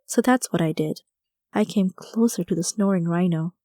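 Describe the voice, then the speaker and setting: Woman, audiobook narrator, first-person story, wry conversational delivery, mellow tone, dry close recording. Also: lowish voice, moderate pace, no echo.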